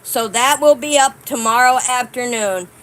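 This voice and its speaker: A woman hosting a casual vlog, chatting with her viewers and reading cards aloud in a warm, drawn-out way. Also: a little high, low-quality recording. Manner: warm, reads cards aloud slowly, chatty asides to "guys". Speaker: channel host.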